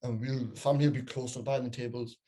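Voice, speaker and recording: A young man chatting casually on a podcast, telling stories in an animated way and swearing freely. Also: mid-range voice, fast. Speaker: podcast co-host. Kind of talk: casual chat.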